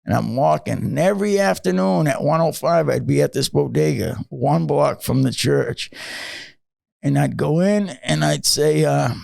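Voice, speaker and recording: A man's voice: on the high side, normal speed, gravelly, darkish tone, dry recording. A man in his fifties, a podcast guest, telling his story in a rambling, casual way with many fillers and blunt swearing.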